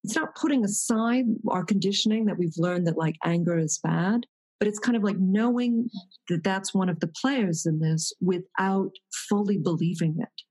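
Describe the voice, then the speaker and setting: A woman's voice: medium pitch, moderate pace, a little mellow, poor audio. A woman teaching about meditation in a reflective conversation, thoughtful and searching, often restarting her sentences.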